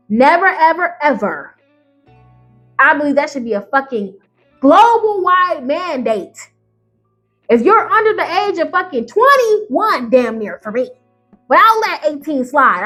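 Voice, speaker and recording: Woman, high voice, profane ranting commentary, emphatic rhetorical questions, soft music underneath. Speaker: YouTuber reacting to Reddit stories.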